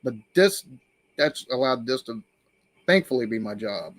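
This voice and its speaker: A man, hosting a casual live-stream chat, telling stories with animated quoted voices. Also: mid-range voice, unhurried, no echo. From United States. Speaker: host.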